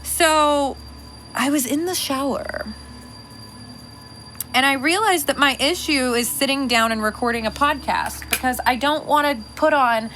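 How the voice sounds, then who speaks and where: A woman in her thirties hosts her own podcast from home, rambling in a loose, chatty way full of fillers and swearing. Her voice is bright and sits a little high for a woman. A faint hum sits underneath the recording. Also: measured pace, poor audio. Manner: chatty, profane, filler-heavy. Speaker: podcast host. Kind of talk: casual monologue.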